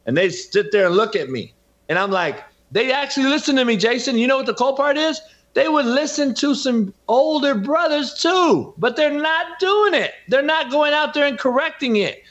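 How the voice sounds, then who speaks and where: A man's voice: very high-pitched, animated, normal speed, a bit bright, dull audio. A man, a podcast host and former coach, talking as a guest in a heated, emphatic and preachy way. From California. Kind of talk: heated interview talk.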